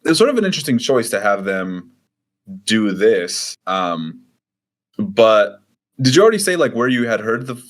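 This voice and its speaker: A young man co-hosts a podcast in a relaxed, hesitant manner, laughing easily between points. His voice sits a little low. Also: normal speed. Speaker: podcast co-host. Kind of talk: casual podcast chat.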